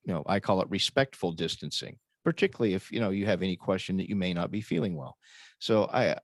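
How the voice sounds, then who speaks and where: A man speaking as a panelist in a casual chat, measured, with dry sarcastic humor. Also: sits low, dry recording.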